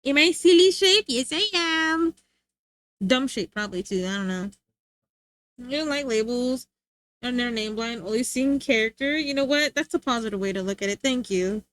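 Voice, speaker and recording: A woman's voice: on the high side, lively intonation, normal speed, a bit bright, no room sound, clean studio sound. A young woman streamer chatting casually, rambling and laughing often.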